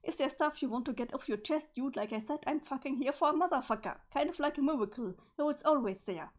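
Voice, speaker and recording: A woman voicing a mellow, laid-back male clown troll who drawls and swears heavily. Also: high-pitched, quick pace, lightly acted.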